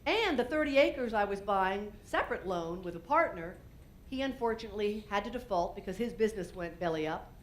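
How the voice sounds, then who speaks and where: A woman business owner giving a conference talk, telling a candid personal story in an animated way and acting out what she said. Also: mid-range voice, fairly quick. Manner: animated and candid, acts out her own quotes, frequent restarts. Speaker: keynote speaker and business owner.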